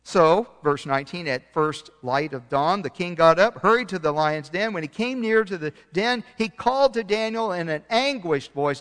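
A man preaching a sermon, reading scripture aloud and swinging between loud emphasis and quiet passages, sometimes losing his place and correcting himself. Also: sits high, animated, unhurried, clean tone, long reverb tail. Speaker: pastor.

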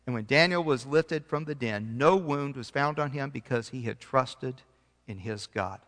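A man preaching a sermon, reading scripture aloud and swinging between loud emphasis and quiet passages, sometimes losing his place and correcting himself. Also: medium pitch, normal speed, in a large hall. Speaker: pastor.

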